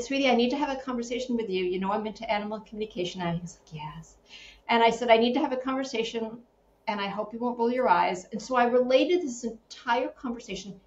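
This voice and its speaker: A middle-aged woman with a fairly high voice tells stories animatedly, slipping into quoted voices and laughing often. Her voice sits in a roomy space, with slightly dull sound and a faint hum underneath. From Connecticut. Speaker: podcast guest, animal communicator. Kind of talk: casual interview storytelling.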